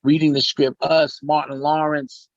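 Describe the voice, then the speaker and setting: A middle-aged man, a musician and actor, telling stories as a guest in a casual interview, animated and often laughing. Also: fairly high pitch, measured pace, no room sound, highs cut off.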